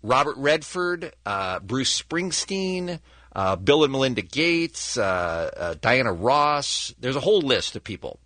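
A man hosting a radio show, bantering in an animated, joking and rambling way. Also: mid-range voice, unhurried, no room sound.

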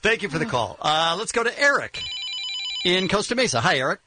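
A man hosting a radio call-in show, briskly welcoming and moving callers along. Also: high voice, sing-song, noisy background. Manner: brisk, steering calls along. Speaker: radio host.

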